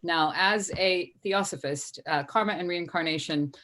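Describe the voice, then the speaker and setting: A woman's voice: on the low side, normal speed, sharp tone. A woman hosting a live-stream discussion over a video call, chatty and earnest, reading viewer comments aloud. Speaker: host.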